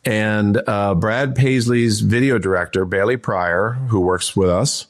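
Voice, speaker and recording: A man in his fifties, a guest on an interview, telling anecdotes in a lively, restart-heavy way. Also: on the low side, a little slow. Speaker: guest, entrepreneur and author. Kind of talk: casual interview storytelling.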